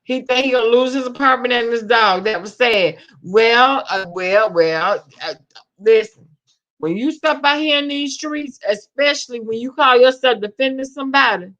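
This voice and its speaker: A woman's voice: fairly high pitch, normal speed, a bit bright. A woman chatting casually on a live stream, reading the chat and calling viewers babe. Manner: chatty, Southern slang, greets viewers as babe. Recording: lo-fi dull stream audio.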